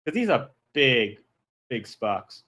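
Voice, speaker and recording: A man's voice: mid-range voice, sing-song, slow pace, pushed and bright. A man narrating a tabletop game as game master, rambling with many fillers and restarts.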